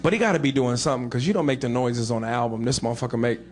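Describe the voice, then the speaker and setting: Comedian guy doing crude blunt stand-up, ordinary mid-pitched voice. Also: rapid-fire. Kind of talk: stand-up routine.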